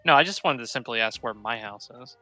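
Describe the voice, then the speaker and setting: Guy player, super bright sharp voice, explains stuff carefully, dry close mic. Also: mid-range voice, fast talker, no room sound, soft background music. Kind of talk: in-character tabletop play.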